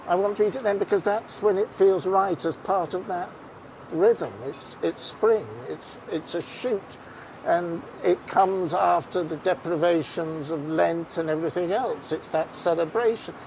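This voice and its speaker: A man's voice: sits high, unhurried, gravelly, a little mellow, a little hiss or hum, rough recording. A man, a chef and food writer, talking passionately and emphatically in an interview, repeating words as he presses a point.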